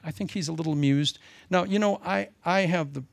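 An older man preaching a sermon in a folksy, humorous way, swinging between loud emphasis and soft asides. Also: on the high side, brisk, vocal fry, no room sound.

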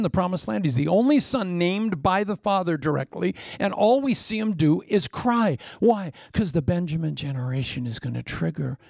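A man preaching a sermon, telling stories with lively swings from shouts down to hushed whispers. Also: sits high, creaky, dry recording, studio quality.

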